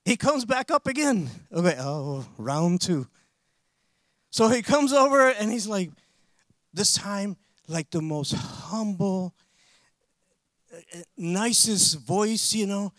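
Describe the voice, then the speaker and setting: A man preaching a sermon, telling a story with lively, animated delivery that builds into forceful preaching. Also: sits high, slow, pauses often, dry recording.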